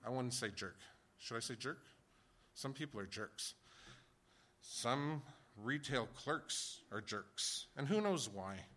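A man preaching in a casual, conversational way, firing rhetorical questions at his listeners. His voice is bright and forward, mid-pitched, and he gets loud when he acts out a story. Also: lively intonation, slow, pauses often. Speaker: pastor. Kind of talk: sermon.

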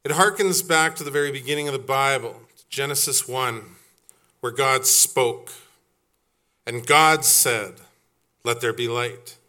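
A middle-aged Canadian pastor preaches a sermon, quizzing his congregation and acting out the voices of people he quotes. His voice is mid-range with a sharp tone.

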